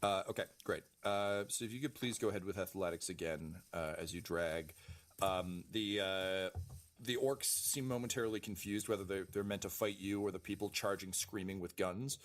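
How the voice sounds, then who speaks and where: A low-voiced man narrates a tabletop game as game master. He fills his descriptions with ums and uhs as he thinks on the fly. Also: moderate pace. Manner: hesitant, many ums and uhs.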